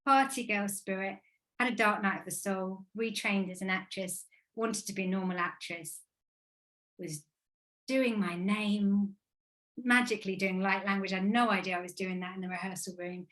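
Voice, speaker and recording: Speaking at a normal speed, this English woman in her thirties appears as a guest in a casual spiritual talk, earnestly and emotionally rambling about spirit and grief. Her medium-pitched voice is fairly bright, with fairly even intonation.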